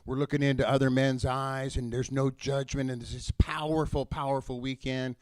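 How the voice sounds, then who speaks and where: A man's voice: mid-range voice, little pitch movement, moderate pace, a little mellow, no room sound. A middle-aged man telling a raw personal story, emotional and blunt, with swearing. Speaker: storyteller at a live event.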